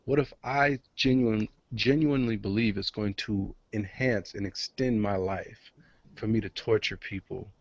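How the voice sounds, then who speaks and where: A man's voice: lowish voice, unhurried, no room sound. A man in casual argument who pushes back with a stream of rhetorical questions. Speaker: debater in an online chat. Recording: dry, dull lo-fi audio.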